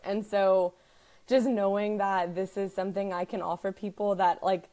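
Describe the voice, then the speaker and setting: Woman host, live-stream chat, earnest, filler-heavy, mid-pitched. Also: steady tone, normal speed, mellow. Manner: chatty, earnest, heavy use of "like". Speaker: wellness business owner hosting a live stream. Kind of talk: casual live-stream talk.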